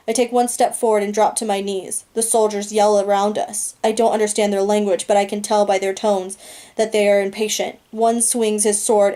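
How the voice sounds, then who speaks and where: A woman reads a novel aloud in a calm, steady way. Her voice is mellow and dark, and her delivery is flat and even. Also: medium pitch. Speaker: audiobook reader.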